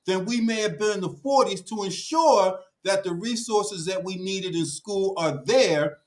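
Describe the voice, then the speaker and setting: A man's voice: high-pitched, a little slow, rough recording. A man speaking emphatically on a talk show panel, with a preaching cadence that rises and falls.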